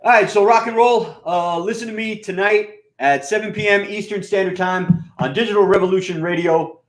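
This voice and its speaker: A man's voice: sits high, normal speed. New York man, mixed Queens-Bronx accent, scratchy and rustic, rambling and profane, roomy echo. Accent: New York mix of Queens and Bronx. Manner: profane, rambling, with many fillers and restarts. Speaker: radio and video host. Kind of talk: casual rambling monologue.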